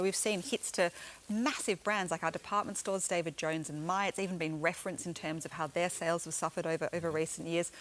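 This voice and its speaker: A woman with an Australian accent, a finance expert answering questions in a live TV news interview, brisk and explanatory. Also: fairly low pitch, fairly bright tone.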